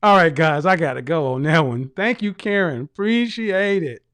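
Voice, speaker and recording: A man's voice: fairly high pitch, expressive, moderate pace, a bit bright, clean tone. Mocking man hosting a live stream. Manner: mocking, teasing rhetorical questions, bursts of laughter. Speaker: host reading viewer comments.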